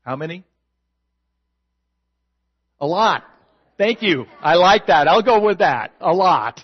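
A male pastor preaching a sermon in a slow, measured way with gentle humor. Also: medium pitch, dull audio.

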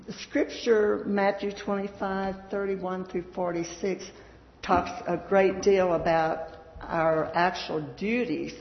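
A woman's voice: fairly low pitch, vocal fry. A middle-aged woman with a Southern US accent, giving a folksy devotional talk with fillers and reading scripture aloud. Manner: chatty, folksy, with frequent fillers. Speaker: church speaker. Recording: echoey dull hall sound.

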